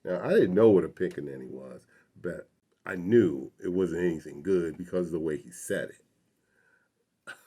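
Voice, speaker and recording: Brief: man in his 60s, low voice, earnest reflective storyteller. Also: unhurried, pauses often, dark tone, husky. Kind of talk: personal storytelling.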